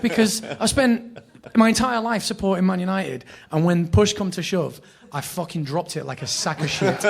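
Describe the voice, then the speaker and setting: A man in his thirties with a Greater Manchester accent, telling lively, sweary anecdotes as a podcast guest. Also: sits high, normal speed, creaky, hardly any pauses. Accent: Northern English (Greater Manchester). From Bury, England. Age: 30s. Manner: animated storyteller, swears freely, laughs often. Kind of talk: casual chat, anecdotes.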